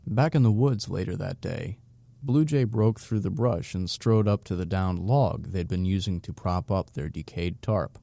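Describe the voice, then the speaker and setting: Deep gravelly guy reading a novel, dark mellow tone. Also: normal speed, no room sound. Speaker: narrator. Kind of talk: audiobook narration.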